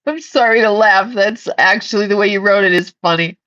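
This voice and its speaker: A woman's voice: medium pitch, a little fast, a bit bright, highs cut off. A woman hosting a casual livestream, chatting and giggling as she reads viewer comments. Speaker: psychic livestream host.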